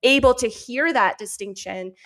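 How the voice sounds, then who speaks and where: A woman with a New Hampshire accent hosts a casual morning chat. Her voice sits a little high, and she talks in an upbeat, chatty way with easy laughter. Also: normal speed, fairly bright tone. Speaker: podcast host.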